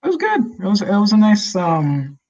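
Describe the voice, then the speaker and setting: A man in casual podcast chat who chimes in with short reactions and quick opinions. His voice is a bit high. It comes through a muffled, lo-fi mic. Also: huge pitch swings, darkish tone. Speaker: podcast co-host.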